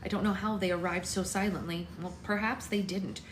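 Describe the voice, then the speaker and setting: A young woman hosting a book club, reading a novel aloud live in a chatty way and pausing to soothe her baby. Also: lowish voice, steady tone, a little hiss or hum. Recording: echoey room, faint ambience.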